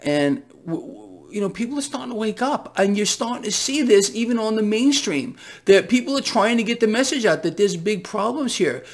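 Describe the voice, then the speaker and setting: A man's voice: high voice, lively intonation, moderate pace, few pauses. A man hosting his own finance channel, ranting in a fervent, blunt, repetitive and profane way. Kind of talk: impassioned casual vlog rant.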